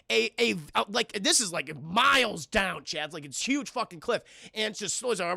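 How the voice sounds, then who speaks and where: Profane, gravelly young man recapping films. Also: high voice, sharp tone, no echo, studio quality. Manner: rambling, profane, acts out characters' lines in quick bursts. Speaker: film reviewer streaming to chat. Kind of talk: animated spoiler recap to a live chat.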